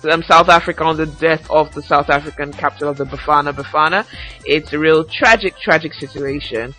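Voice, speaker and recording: Casting: woman host, bright, forceful tone, chatty solo podcast, quick to laugh, faint music underneath. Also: sits low, low-quality recording. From Nigeria. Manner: lively, chatty, laughs a lot. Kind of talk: casual solo podcast chat, reading fan tweets.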